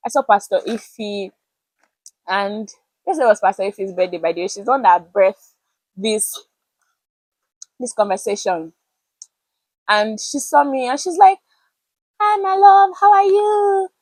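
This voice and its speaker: A young woman with a Nigerian accent, telling a personal story to camera in a chatty, animated way with pidgin words mixed in. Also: mid-range voice, a little slow, pauses often, dry recording, poor audio. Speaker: vlogger.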